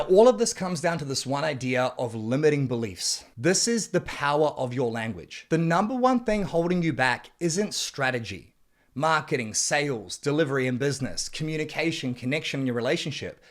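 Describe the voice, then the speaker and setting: A man's voice: on the high side, lively intonation, normal speed. A man giving a blunt, preachy motivational talk to men, swearing freely and pushing harder on key points. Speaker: men's coach narrating his book chapter. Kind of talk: motivational self-help reading.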